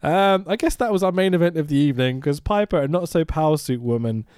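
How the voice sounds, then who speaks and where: A man's voice: a little high, fast, a little mellow, clean tone, no echo, studio quality. A man casually recapping a film with a friend, laughing often and swearing as he goes. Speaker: podcast co-host. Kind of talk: casual movie review chat.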